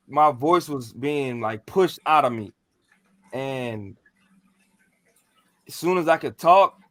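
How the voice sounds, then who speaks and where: A man on a podcast casually telling a paranormal story, animated and full of slang and cursing. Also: fairly high pitch, no echo. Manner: animated, profane, slangy, acts out what he said.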